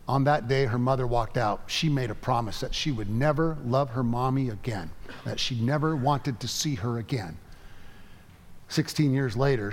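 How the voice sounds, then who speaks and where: A man preaching a sermon, telling a story in a measured way with halting repeats. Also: medium pitch, in a large hall. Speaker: pastor.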